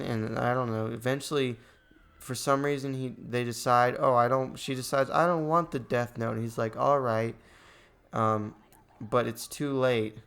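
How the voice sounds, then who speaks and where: A young man giving a ranting movie review, exasperated and sarcastic, his voice going a bit hoarse. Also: mid-range voice. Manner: exasperated, sarcastic, voice spikes when annoyed. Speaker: gaming channel host reviewing a movie.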